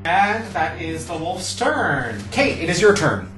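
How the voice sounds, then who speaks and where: A game master narrating a tabletop game in an unhurried, descriptive way. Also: medium pitch, big pitch swings, fairly bright tone, echoey room, faint music behind. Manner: unhurried, descriptive, with fillers like "kind of".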